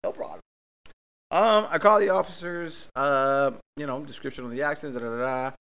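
A young man from hosts a casual podcast. His storytelling is excitable and full of swearing, and he acts out every exchange as he retells it. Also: a little high, a little fast, vocal fry, smooth. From Miami, Florida. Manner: profane, excitable, acts out the dialogue. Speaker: podcast host. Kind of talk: animated storytelling.

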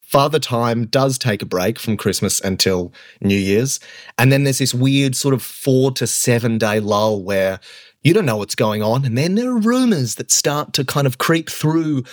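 A man co-hosting a cricket podcast, easygoing and quick to laugh, defending his side when teased. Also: medium pitch, animated, no room sound, clean studio sound. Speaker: podcast co-host. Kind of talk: casual cricket podcast chat.

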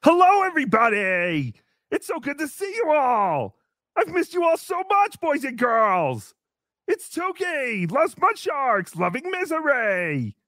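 A man playing a cheery, childish host character in a comedy livestream, talking in a sweet, drawn-out, sing-song way. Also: very high-pitched, bright, forceful tone, dry recording, clean studio sound, full character voice. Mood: chipper.

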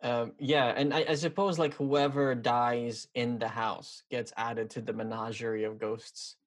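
A man's voice: medium pitch, flat delivery, unhurried. Rambling man in casual chat. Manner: rambling, hesitant with many fillers.

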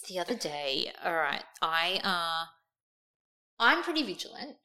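A woman's voice: fairly low pitch, big pitch swings, measured pace, sharp tone, low-quality recording. A woman co-hosting a podcast in casual chat, talking frankly and rambling with restarts and the odd swear word. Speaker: podcast co-host.

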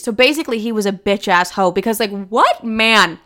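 A woman hosting a podcast, talking in a candid, animated and profane way about her private life. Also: mid-range voice, fairly quick. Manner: candid, profane, animated, acts out her own quoted lines. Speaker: podcast host. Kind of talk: casual podcast monologue.

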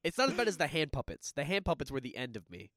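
A man co-hosting a podcast, talking fast and teasing his friend. His pitch jumps around a lot and sits a little high for a man. The sound is dry and close, with no room echo. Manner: lively, joking and teasing. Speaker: podcast co-host. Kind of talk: casual chat.

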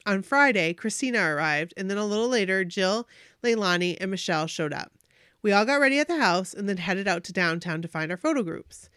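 A woman co-hosting a podcast, reading a fan's story aloud in an animated way. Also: medium pitch, brisk, clear, resonant tone, dry recording, studio quality.

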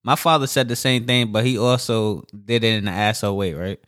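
A man's voice: fairly low pitch, fairly quick, fairly bright tone, no room sound, clean studio sound. A man telling a candid story in casual chat, swearing freely. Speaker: podcast co-host.

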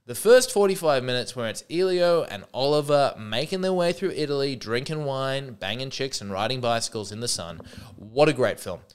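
A man's voice: medium pitch, animated, moderate pace, smooth. A man hosting a comedy podcast, speaking in a mock-earnest, rambling way with frequent restarts. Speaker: podcast host.

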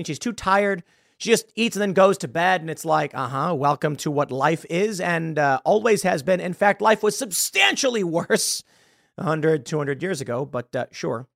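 A man's voice: high-pitched, creaky, a bit bright, dry recording, studio quality. A man hosting an opinion commentary show, lecturing with a sarcastic edge. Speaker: political commentary host.

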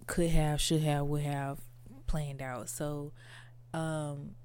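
A woman's voice: low-pitched, level tone, slow, darkish tone, clean tone. A woman podcast host talking casually and candidly about her inner life, with lots of "like" and "you know". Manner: reflective, candid, many fillers like "like" and "you know". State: tearful at times. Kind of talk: casual personal monologue.

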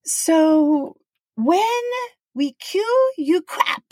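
A woman imitating a flustered male interpreter who speaks halting, broken English. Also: very high voice, animated, darkish tone, dry recording, studio quality, voice pushed up, heavily acted. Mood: announcing.

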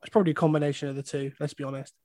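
A man with a fairly high voice gives blunt, wry opinions on a football podcast. The recording is dry and close, with no room sound. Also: level tone, racing, warm tone, dry recording. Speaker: podcast co-host. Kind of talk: casual football podcast chat.

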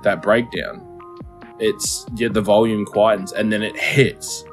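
A man's voice: on the low side, flat delivery, unhurried, soft background music. A man co-hosting a casual podcast, rambling and swearing as he chats. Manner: rambling, sweary, self-mocking. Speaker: podcast co-host. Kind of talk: casual chat.

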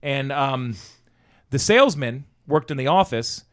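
A man's voice: mid-range voice, a little slow. A man telling a profanity-laced story about an old job in casual conversation, acting out the dialogue. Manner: profane, animated anecdote-telling with quoted dialogue.

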